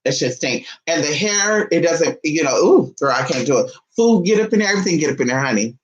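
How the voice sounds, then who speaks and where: A woman vlogger in casual chat to camera, sassy and chatty, calling her listeners honey and swinging her voice between high and low. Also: lively intonation, a little fast, highs cut off.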